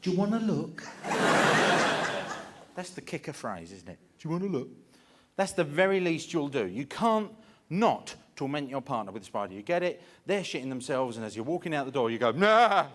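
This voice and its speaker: Animated comedian, lively pitch. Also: male voice, brisk. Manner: animated storytelling with shouted outbursts. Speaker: stand-up comedian. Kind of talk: stand-up comedy routine.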